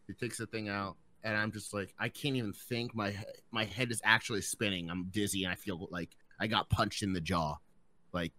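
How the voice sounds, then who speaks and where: A man's voice: on the low side, steady tone, normal speed, bright, forceful tone. Swearing young man telling a long story. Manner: swearing storyteller, acting out other people's lines. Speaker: podcast co-host. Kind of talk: casual chat.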